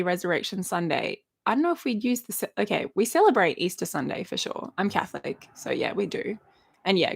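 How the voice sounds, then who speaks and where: A woman's voice: fairly low pitch, vocal fry. A woman, chatting casually on a live stream and answering viewer questions, rambling and laughing often. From Australia. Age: 30s. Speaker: YouTuber hosting a live stream. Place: at home in her bedroom.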